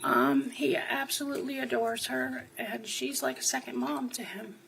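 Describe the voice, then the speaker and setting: A woman's voice: fairly high pitch, sing-song, moderate pace, vocal fry, a bit bright, slight background noise, poor audio. A woman from New Jersey testifying as a witness in a courtroom, giving short answers and then rambling through long stories.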